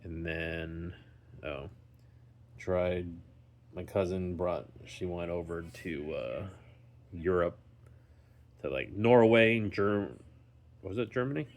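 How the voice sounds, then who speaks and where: Slow, deep-voiced man rambling in a vlog. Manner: slow, rambling, many ums and restarts. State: recovering, tired. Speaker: vlogger. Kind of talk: casual daily vlog.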